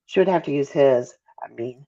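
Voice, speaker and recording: Over a dull, lo-fi call, a middle-aged mother gives an emotional interview, frequently stopping, apologizing and losing track of what she was saying. She speaks at normal speed in a rumbling low, mellow voice.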